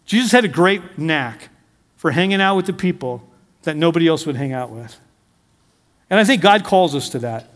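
A man's voice: a little high, animated, normal speed, long reverb tail. A middle-aged male pastor preaching a conversational sermon, asking his congregation questions and mixing in humor.

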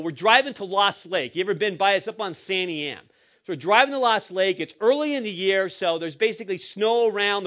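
Brief: middle-aged male pastor, high voice, funny storyteller, muffled lo-fi recording. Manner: humorous storytelling. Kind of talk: sermon.

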